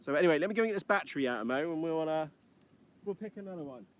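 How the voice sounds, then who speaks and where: Racing through his words in a lively, fairly high voice, a British man hosts a field live stream of his model aircraft. Recorded on an iPad, he chats loosely and cheekily, dropping uh after uh.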